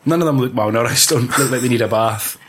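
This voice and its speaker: A man's voice: medium pitch, fast talker, noisy background. A Scottish man chatting casually about a film, swearing freely and acting out scenes. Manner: swearing, laughing, acting out lines.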